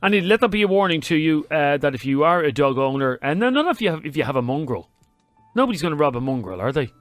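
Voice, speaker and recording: Teasing radio co-host. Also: male voice, on the high side, very animated, quick pace, no room sound, faint music behind. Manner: teasing, opinionated. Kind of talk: casual chat.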